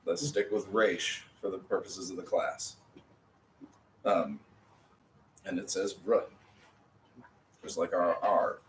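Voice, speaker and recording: A man's voice: sits low, slow, long pauses. A man teaching a class, explaining each step patiently. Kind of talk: classroom lesson. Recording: roomy, from a distance, faint noise.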